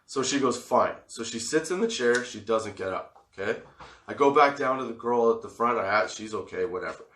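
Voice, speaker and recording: A man's voice: medium pitch, fairly quick. A man in his forties telling a story for a comedy podcast, swearing freely and laughing as he goes. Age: 40s. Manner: profane, animated storyteller who laughs often. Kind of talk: casual storytelling. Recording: roomy echo.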